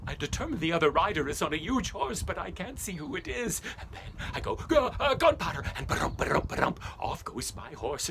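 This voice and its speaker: A male storyteller performing as an old, love-lorn schoolmaster, Ichabod Crane, telling the tale in a theatrical first-person style that drops into hushed whispers. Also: medium pitch, gravelly. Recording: noisy background hiss.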